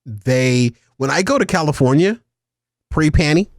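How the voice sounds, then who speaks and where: Animated joking man, lively pitch. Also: measured pace, no room sound, studio quality. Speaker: podcast co-host. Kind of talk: casual podcast banter.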